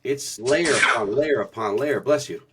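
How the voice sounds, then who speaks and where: A man's voice: mid-range voice, normal speed, very noisy. A man co-hosting a spiritual podcast, telling stories earnestly and reflectively in a casual way, often restarting his sentences. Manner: earnest storytelling with many restarts. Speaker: podcast co-host.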